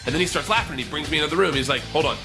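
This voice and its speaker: A man telling a comic anecdote in casual chat, animated and profane, often laughing as he goes. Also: on the high side, rapid-fire, over music. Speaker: storyteller.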